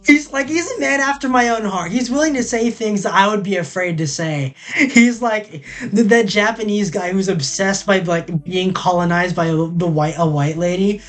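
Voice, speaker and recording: A man's voice: high voice, moderate pace, hardly any pauses, faint music behind. A man streaming a casual chat, rambling and joking with many restarts and frequent laughs, from the southern United States.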